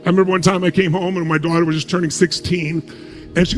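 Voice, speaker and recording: A man's voice: high-pitched, level tone, fast, faint music behind. A man giving a motivational talk, emphatic, asking rhetorical questions and answering them himself. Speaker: motivational speaker.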